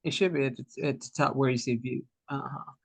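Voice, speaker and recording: A speaker with a warm Southern US drawl chats easily on a video call, laughing often and restarting sentences as the thoughts come. The sound is dry and close, with no room around the voice. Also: mid-range voice, fairly even intonation, a little fast, vocal fry, husky, dry recording. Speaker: teacher selling an online course. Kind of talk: casual video call chat.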